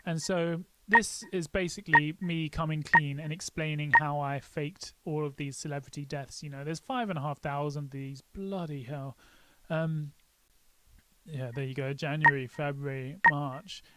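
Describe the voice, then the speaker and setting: A man's voice: fairly high pitch, steady tone, moderate pace, very noisy. A man hosting a casual live stream walkthrough, joking and poking fun at himself. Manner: joking, self-mocking.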